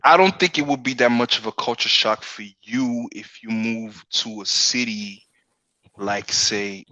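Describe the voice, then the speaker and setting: A man's voice: lowish voice, measured pace, pushed and bright, no echo, lo-fi sound. A man talking as a guest in a casual livestream chat, laid-back and peppering his points with "you know what I'm saying". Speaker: podcast guest.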